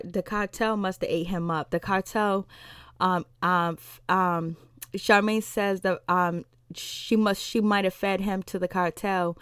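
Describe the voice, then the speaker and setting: A woman's voice: on the low side, smooth, no echo. Chatty lady recapping a tv episode, does the cast's lines, dry close sound. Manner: chatty, retells scenes with quoted voices, laughs. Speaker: TV recap vlogger.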